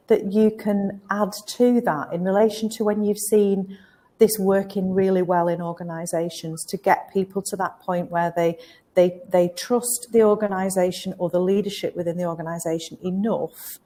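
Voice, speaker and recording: A woman's voice: lowish voice, mellow. A woman hosting a panel discussion, asking long, hesitant questions. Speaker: host, moderator.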